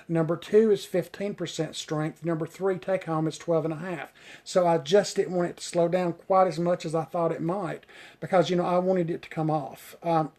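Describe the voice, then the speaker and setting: This hairstylist's voice is high-pitched with a darkish tone. Chatting on a live stream, he responds to viewers' comments with eager, rambling talk, piling on "you know" and tripping over tricky words.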